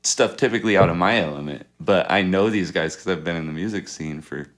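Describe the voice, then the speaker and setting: Deep-voiced man, 30s, easygoing rapper guest, rambling and chuckly. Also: fairly quick, fairly bright tone. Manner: laid-back, chuckles often, rambling anecdotes. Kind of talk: casual interview storytelling.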